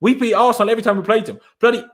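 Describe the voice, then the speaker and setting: A man's voice: sits high, steady tone, rapid-fire, fairly bright tone. A young man hosting a fan channel's post-match live stream, ranting in exasperation, repeating himself and bantering with viewers in chat.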